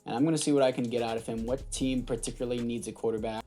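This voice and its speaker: Offhand young man with a mellow voice. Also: mid-range voice, steady tone, rapid-fire, faint music behind. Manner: offhand, sarcastic, talks to viewers. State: throat catching, clearing throat. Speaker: gaming YouTuber. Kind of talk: casual gameplay commentary. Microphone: headset mic.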